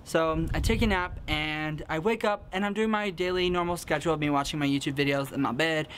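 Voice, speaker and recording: A young man from the American Midwest, excitable and giggly, telling a casual storytime vlog full of fillers. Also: a little high, fairly quick, a little hiss or hum. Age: young adult. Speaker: vlogger.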